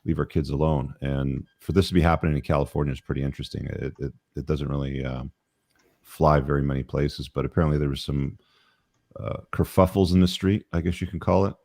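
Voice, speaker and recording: A man with a very deep voice hosts a casual panel chat, rambling along with plenty of fillers. The sound is dry and close, with no room in it. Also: fairly quick, creaky, dry recording. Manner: relaxed, rambling with many fillers. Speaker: show host.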